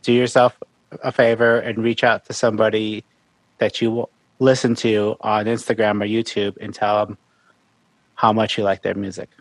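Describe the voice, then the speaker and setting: A man's voice: fairly low pitch, level tone, normal speed, no room sound. A man guest on a podcast, talking about his music in a friendly, chatty way with many fillers. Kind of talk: casual interview chat.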